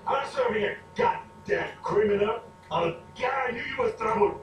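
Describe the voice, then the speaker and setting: A frightened male shop clerk in a video game, voiced by a man, panicky and swearing in a high-pitched voice. He sounds far off in an echoey space with music playing underneath. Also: moderate pace, natural voice. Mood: scared. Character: frightened male store clerk being robbed.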